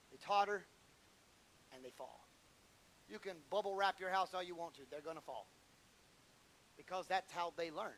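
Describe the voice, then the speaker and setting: A male preacher with a very high, bright voice delivers a sermon. He swings from shouted fervor down to low, intimate asides, and he repeats words when worked up. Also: a little hiss or hum, low-quality recording.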